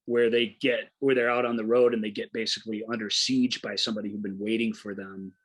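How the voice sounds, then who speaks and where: A man co-hosting a movie podcast, telling a film's story with eager, halting enthusiasm and many restarts. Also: lowish voice, flat delivery, a bit bright. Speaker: podcast co-host. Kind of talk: casual movie review chat.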